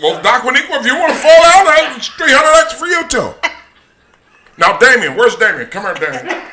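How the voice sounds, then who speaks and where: A smooth corporate recruiter talks people into things in an easy salesman way, as a man puts him on. He speaks lower than the storyteller's own voice and stays calm. The recording has clear background noise. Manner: coaxing, salesman-like.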